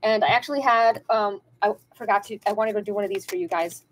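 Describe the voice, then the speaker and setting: A woman's voice: mid-range voice, fast, a little hiss or hum. A woman giving a casual pick-a-card tarot reading, talking in a chatty, rambling, spiritual way straight to her viewers.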